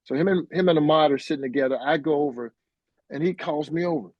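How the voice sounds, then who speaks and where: Animated middle-aged man telling a story. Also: on the high side, fast, dry recording, highs cut off. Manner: animated, acts out quoted voices. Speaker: interview guest, musician. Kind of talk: casual storytelling.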